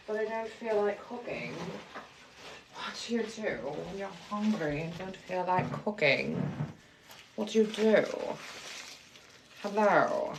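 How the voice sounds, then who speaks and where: A woman's voice: medium pitch, lively intonation, slow pace, noisy background. A middle-aged woman vlogging casually from her home kitchen, venting and swearing in frustration. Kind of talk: casual vlog monologue.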